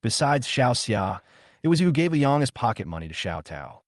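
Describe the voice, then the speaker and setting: A man voicing a calm middle-aged father who tries to settle an argument. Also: medium pitch, brisk, no echo, studio quality, lightly acted. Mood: placating.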